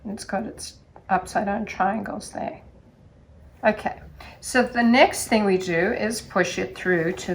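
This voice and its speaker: Woman, sewing lesson, slow steady pace, sing-song, mid pitch. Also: gravelly, a little hiss or hum. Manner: gentle, sing-song instructional delivery. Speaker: sewing instructor. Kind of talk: step-by-step sewing demonstration.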